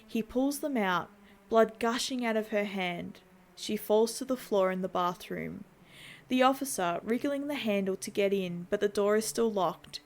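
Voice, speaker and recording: A woman's voice: medium pitch, unhurried. Woman narrating a film recap with wry asides. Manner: wry asides between plain plot retelling. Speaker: horror channel host.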